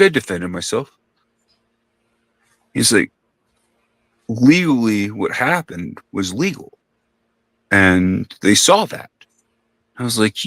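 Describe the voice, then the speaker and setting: Bright-voiced man telling a rambling story. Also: medium pitch, dry recording. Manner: rambling, profane, acts out quoted voices. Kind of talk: casual podcast storytelling.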